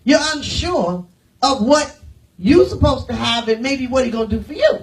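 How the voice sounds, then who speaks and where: A woman pastor preaching a sermon, firing rhetorical questions at the congregation and swinging from loud declarations to hushed, near-whispered lines. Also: fairly high pitch, animated, moderate pace, recorded from a distance, low-quality recording.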